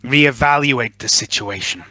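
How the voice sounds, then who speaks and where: A man voicing a scheming male heretic who speaks over a comm link, measured and menacing. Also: mid-range voice, sharp tone, pitched below the performer's own voice. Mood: coldly persuasive. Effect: comm bead radio.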